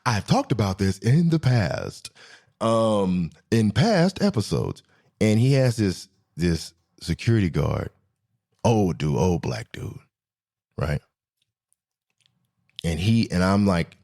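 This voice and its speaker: A man hosting his own show, telling stories in a slangy, animated way, swinging between excited high bits and low asides. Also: moderate pace, pauses often. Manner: slangy, swearing, self-correcting. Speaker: podcast host. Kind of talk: casual storytelling monologue.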